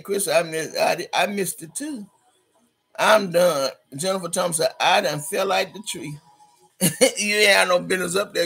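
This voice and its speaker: A woman's voice: on the low side, vocal fry, slightly rough. A woman hosting a livestream, reading out chat comments in a brash, profane, laughing way. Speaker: livestream host.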